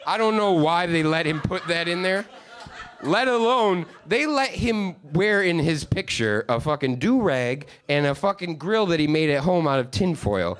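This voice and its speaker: A man's voice: fairly high pitch, big pitch swings, unhurried. A man in his thirties from upstate New York, telling rambling, profane, self-deprecating stories in a stand-up comedy set.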